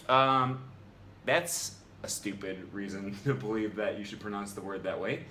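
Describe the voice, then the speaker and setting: A man's voice: lowish voice, fairly even intonation, measured pace, bright, forceful tone, a little hiss or hum. A man making a rebuttal in a vlog about language, argumentative and exasperated, with frequent ums. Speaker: language vlogger.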